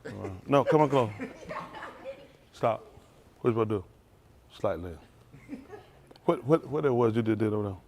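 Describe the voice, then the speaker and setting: A man's voice: fairly low pitch, normal speed, gravelly, pauses often, darkish tone. A man preaching an informal testimony to his congregation, emotional and conversational, often breaking into laughter and exclamations. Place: synagogue hall during livestream.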